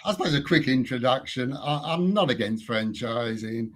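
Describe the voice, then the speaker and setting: Relaxed older man, former franchisee. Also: medium pitch, moderate pace, over a noisy crowd. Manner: relaxed, self-deprecating, chuckles often. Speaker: debate guest, former franchisee. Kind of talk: casual live debate talk.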